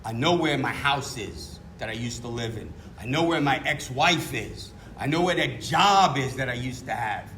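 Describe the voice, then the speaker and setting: Animated and barely pausing, a middle-aged New York man tells his recovery story with candor and self-mockery as a meeting speaker. His mid-range voice has a sharp tone and a moderate pace, and slight background noise is audible.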